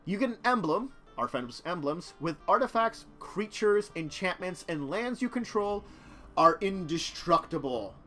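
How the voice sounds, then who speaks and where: A man's voice: high-pitched, very animated, normal speed, a bit bright, faint music behind. A man casually commenting on a live stream about a card-game deck, rambling and talking to his chat. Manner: rambling, chatty, talks to chat, chuckles.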